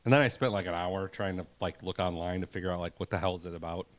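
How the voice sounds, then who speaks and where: A man's voice: low-pitched, fast talker. A man co-hosting a casual podcast, rambling and reading facts aloud with laughs. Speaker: podcast co-host. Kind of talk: casual chat.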